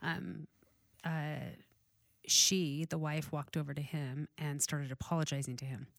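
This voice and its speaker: A man's voice: a little high, little pitch movement, unhurried, vocal fry, fairly bright tone, no room sound, studio quality. A man recounting events thoughtfully in casual conversation, with hedging fillers like "you know" and "um.".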